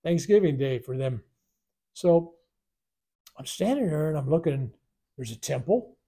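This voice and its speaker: Gravelly, mellow-voiced man telling a spiritual story. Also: a little high, unhurried. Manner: rambling, animated retelling with acted quotes. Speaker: spiritual teacher. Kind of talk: workshop storytelling. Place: workshop room.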